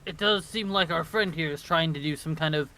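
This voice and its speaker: A man's voice: fairly high pitch, brisk, pushed and bright. A man playing a tabletop game, hesitant and thinking aloud as he plans his move. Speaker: player. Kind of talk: casual tabletop play.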